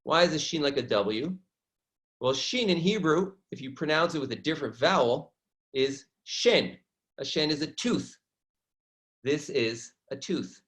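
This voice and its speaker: A man teaching an online lesson from slides, animated and often checking in with listeners by asking "right?". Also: on the high side. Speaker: educator.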